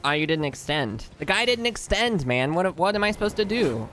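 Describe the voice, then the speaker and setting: A young male streamer talks casually over his gameplay, tossing off exasperated jokes at his chat. His voice sits a little high, with a faint hum behind it. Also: expressive, brisk, bright, forceful tone. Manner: exasperated, joking banter with chat. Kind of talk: casual live-stream commentary.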